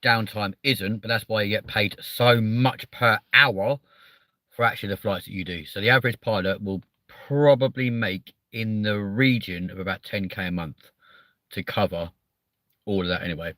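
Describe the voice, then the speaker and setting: A man chats casually on a live stream, reading out the chat. His voice sits low but comes across bright and forceful. The sound is close and dry, and he swears freely and fills gaps with ums. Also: fairly even intonation, moderate pace, dry recording.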